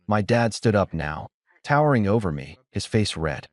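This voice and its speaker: Man with lively dramatic storytelling. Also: fairly low pitch, normal speed, dry recording. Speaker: narrator. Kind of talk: scripted first-person story narration.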